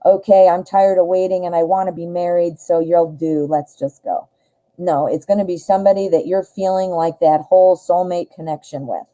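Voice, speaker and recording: A middle-aged woman hosts a live-stream tarot reading in a chatty, easygoing way, talking straight to her viewers. Her voice is very dark and mellow and sits a little low, and she often laughs at her own jokes. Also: low-quality recording.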